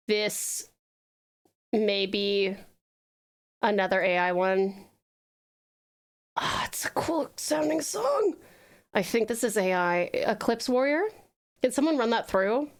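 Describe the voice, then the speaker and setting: A woman streaming live, chatting casually and rambling as she reacts to her chat, now and then slipping into a put-on Valley Girl lilt. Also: mid-range voice. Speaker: VTuber streamer.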